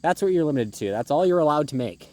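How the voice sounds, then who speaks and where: A man's voice: fairly high pitch, expressive, fast talker, a little mellow, a little hiss or hum. A small-scale poultry farmer from Ontario ranting angrily and profanely into a phone while walking his farm, out of breath. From Ontario, Canada. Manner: heated, profane, rhetorical questions. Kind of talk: angry outdoor vlog rant. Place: outdoors on a farm among birds. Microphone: phone held one-handed. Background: faint farm ambience with ducks and fowl.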